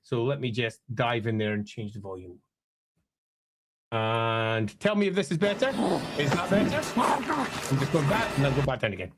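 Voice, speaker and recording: A man's voice: medium pitch, expressive, moderate pace, pauses often, loud music behind the voice. A man from the UK chatting casually on a live stream, rambling with friendly asides. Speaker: streamer reacting to a trailer.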